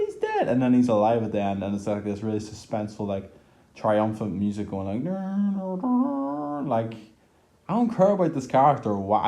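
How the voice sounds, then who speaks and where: A man's voice: fairly low pitch, dark tone. A young man giving an exasperated, profane film review rant, full of filler words and groans of disgust. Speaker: movie reviewer.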